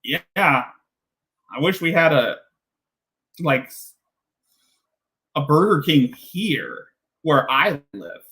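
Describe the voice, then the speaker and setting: A man hosting a reaction commentary, mocking and sarcastic, with jumpy high exclamations. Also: sing-song, extremely slow, long pauses, bright, forceful tone, husky. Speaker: commentary host.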